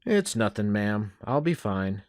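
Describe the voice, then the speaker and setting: A man's voice: fairly low pitch, big pitch swings, measured pace, darkish tone, no room sound. A man playing a polite, plain-spoken wandering cowboy, close to his own voice. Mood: easygoing.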